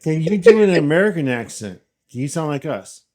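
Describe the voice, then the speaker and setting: A man co-hosting a casual chat show, telling relaxed stories about his family. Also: on the high side, a little fast.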